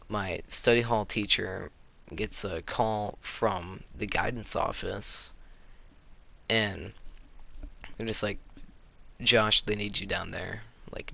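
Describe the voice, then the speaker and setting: Teenage guy, low gravelly voice, bright edge, casual rambling story time, lots of fillers. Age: teens. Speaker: YouTuber.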